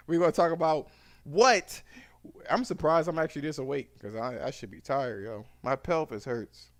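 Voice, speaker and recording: A man's voice: a little high, moderate pace. A man hosting a podcast in loose, profane casual banter, telling stories. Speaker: podcast host.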